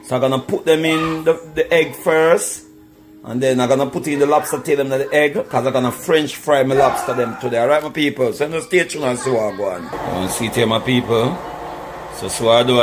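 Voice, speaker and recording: Chatty man cooking in a noisy kitchen. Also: medium pitch. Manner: chatty, keeps addressing viewers as "my people". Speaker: cooking vlogger. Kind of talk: casual cooking demonstration. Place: home kitchen.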